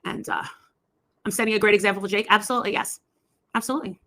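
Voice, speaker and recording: A woman tells a long, rambling story in casual chat. She breaks into quoted voices of the people involved as she goes, with a pitch that sits in the middle for a woman. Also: fairly even intonation, rapid-fire, pushed and bright. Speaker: livestream host telling a story.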